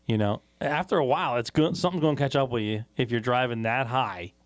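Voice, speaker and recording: A man co-hosting a podcast, telling a profane story in a casual, animated way. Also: medium pitch, fast talker. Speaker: podcast co-host. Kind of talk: casual chat.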